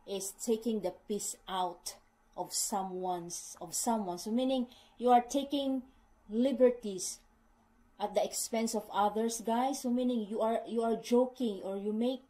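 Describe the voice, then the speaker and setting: Slow, mellow-voiced woman explaining slang. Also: a little high, poor audio. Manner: unhurried, repeats explanations, addresses viewers as guys; non-native English phrasing. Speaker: vlogger teaching British slang. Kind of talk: casual spoken explainer.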